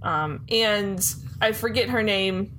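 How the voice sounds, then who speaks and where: A woman's voice: medium pitch, slow pace, a bit bright, a little hiss or hum, low-quality recording. A woman co-hosting a casual podcast, recapping episodes in a chatty way and laughing often. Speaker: podcast co-host recapping a show. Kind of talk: casual chat.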